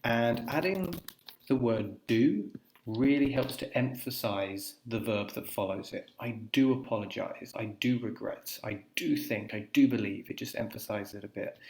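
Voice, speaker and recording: Male English teacher, lowish voice, explains and dictates slowly while typing, echoey room with faint hiss. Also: a little mellow. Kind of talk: live writing demonstration, thinking aloud. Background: keyboard typing.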